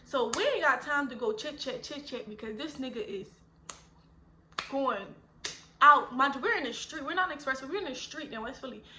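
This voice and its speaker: A woman, telling a storytime vlog in an animated, chatty, slangy way. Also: high-pitched, fairly quick, reverberant. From Philadelphia. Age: 20s. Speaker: vlogger.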